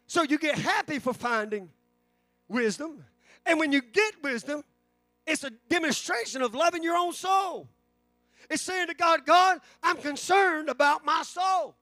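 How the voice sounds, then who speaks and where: A man preaching a sermon as pastor, fervently repeating phrases and rising to shouts. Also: very high voice, no room sound. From United States. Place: church sanctuary.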